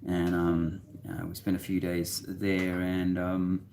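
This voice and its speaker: A man co-hosting a casual chat, rambling and halting, with many fillers and restarts. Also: deep voice, completely flat delivery, gravelly, a little mellow, a little hiss or hum. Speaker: co-host.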